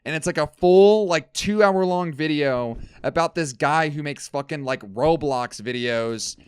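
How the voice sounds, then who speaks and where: Ranting young man, smooth voice. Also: a little slow, dry recording, clean studio sound. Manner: ranting, heavy swearing, swings loud and high when worked up. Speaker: podcast co-host. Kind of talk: casual chat.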